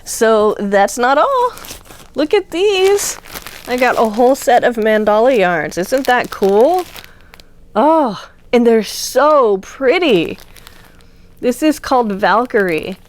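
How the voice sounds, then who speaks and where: A woman's voice: a little high, very animated, slow pace, a little hiss or hum. A woman hosting a craft channel, chatting casually and gushing as she shows off yarn, with plenty of fillers. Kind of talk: casual unboxing chat.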